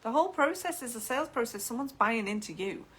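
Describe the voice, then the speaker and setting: A woman's voice: fairly high pitch, expressive, fast talker, breathy edge. A woman teaching photography business, talking in a chatty, enthusiastic way and acting out example client conversations. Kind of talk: casual teaching talk with role-play examples.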